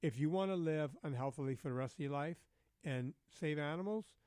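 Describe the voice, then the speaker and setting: A man guesting on a podcast, talking bluntly and profanely in a lively, storytelling way. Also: on the high side, brisk, smooth, dry recording, clean studio sound. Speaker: guest, fitness trainer. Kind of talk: casual podcast chat.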